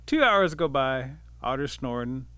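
A man telling a folk tale aloud in a relaxed, unhurried way. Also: medium pitch, dry recording. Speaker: storyteller. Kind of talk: oral folk-tale narration.

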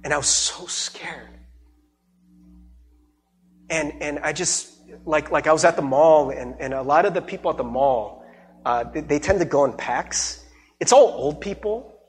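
A young adult man, a pastor, giving a conversational sermon testimony with many fillers and restarts. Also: a little high. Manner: conversational, halting with many fillers and repeated words.

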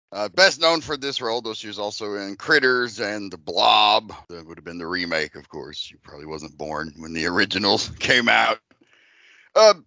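A man's voice: medium pitch, gravelly, bright, forceful tone, no room sound. A man hosting a podcast, chatting casually about a movie in a rambling way that swears and restarts often. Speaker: podcast host. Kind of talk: casual movie review chat.

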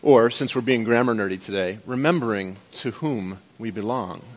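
A man's voice: fairly low pitch, moderate pace, slight background noise. A man as pastor, preaching to his congregation in a conversational, playful way. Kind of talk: sermon.

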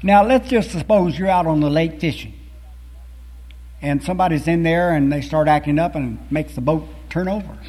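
Earnest preacher with husky voice, echoing hall. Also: male voice, on the high side, normal speed, darkish tone. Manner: earnest, rises and falls in emphasis while reading scripture and poetry. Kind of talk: sermon. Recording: long hall reverb.

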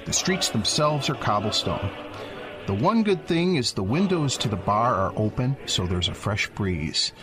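A man's voice: medium pitch, sing-song, a little slow, over music. A man narrating a radio drama, describing the scene and speaking directly to the listener. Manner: descriptive storyteller, addresses the listener.

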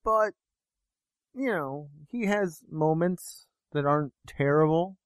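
A man co-hosts a film review podcast, chatting casually in a jokey, rambling, self-deprecating way. His voice is on the high side, slow, clear and resonant, with no echo.

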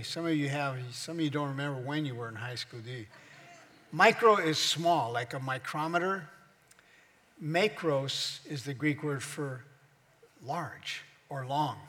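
Pastor in an echoey church hall. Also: male voice, a little high, a bit bright. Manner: teaching, asks the congregation questions. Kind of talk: sermon.

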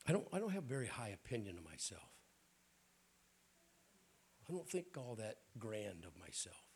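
A man's voice: lowish voice, very animated, moderate pace, a little mellow, slight background noise. A middle-aged man with a Southern US accent, preaching a folksy, joking sermon in a church. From American South. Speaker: guest preacher. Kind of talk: humorous sermon.

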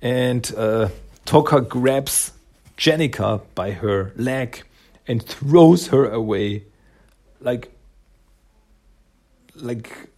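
Slow, gravelly-voiced man recapping a comic. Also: mid-range voice, a little mellow. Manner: rambling, many fillers, acts out character lines. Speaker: comic book reviewer.

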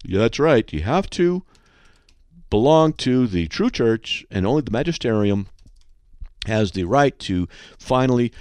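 A man's voice: medium pitch, animated, measured pace, darkish tone, smooth, no echo, close to an everyday voice. A man quoting and acting out a stubborn male churchgoer who insists on church authority. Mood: insistent.

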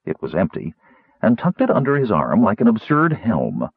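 A man reads a fantasy audiobook with an animated, swooping delivery and a lowish, husky voice. The sound is dry and squeezed thin, like a phone line. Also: normal speed, no echo. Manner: lively, expressive reading. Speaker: audiobook narrator. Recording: tinny phone-like audiobook recording.

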